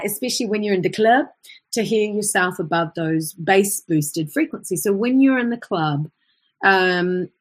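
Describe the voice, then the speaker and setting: A woman's voice: fairly low pitch, slightly rough. A woman with an Australian accent teaching a live online singing lesson, chatty and breaking into short vocal demonstrations as she explains. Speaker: voice coach.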